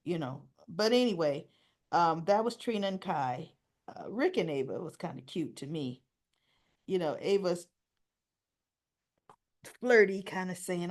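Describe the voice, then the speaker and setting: A woman's voice: fairly low pitch, lively intonation, measured pace, pauses often. A woman hosting a casual soap opera recap, retelling scenes in a chatty, opinionated way. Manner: chatty, opinionated retelling with frequent "he goes, she goes".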